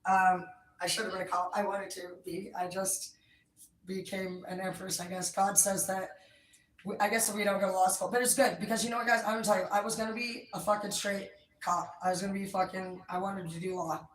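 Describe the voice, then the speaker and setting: A woman's voice: medium pitch, little pitch movement, fairly quick. A woman talking in a rambling, casual monologue, swearing constantly as she jumps from thought to thought. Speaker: tarot streamer. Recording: echoey room, distant mic.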